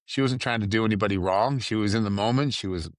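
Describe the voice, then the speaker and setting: A man hosts a solo podcast in a casual, rambling chat. His voice sits somewhat low and sounds dry and close to the mic. He drifts between asides in an easy, unhurried way. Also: dry recording. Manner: rambling, loose and conversational with fillers and asides. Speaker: podcast host.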